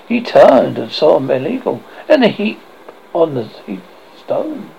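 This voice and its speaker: Gravelly horror host reading a story. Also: male voice, fairly high pitch, big pitch swings, a little slow, darkish tone, a little hiss or hum. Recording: dull lo-fi recording.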